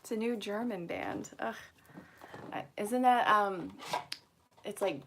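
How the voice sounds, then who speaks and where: A talkative woman from Vermont whose accent mixes soft Vermont with New York, drawing cards and chatting to her viewers. Her pitch sits at an ordinary middle height for a woman. Faint background noise hums behind her. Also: takes it slowly. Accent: Vermont accent blended with New York. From Vermont, USA. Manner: chatty, rambling, talks to viewers between cards. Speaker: angel card reader, host. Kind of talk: casual live card reading chat.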